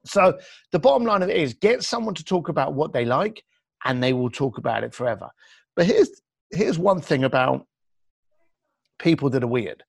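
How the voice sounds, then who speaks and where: A man's voice: on the high side, normal speed, creaky, long pauses, no room sound, studio quality. A man, a podcast guest, talking bluntly and acting out other people's lines. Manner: blunt, animated storyteller who acts out quotes. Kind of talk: podcast interview.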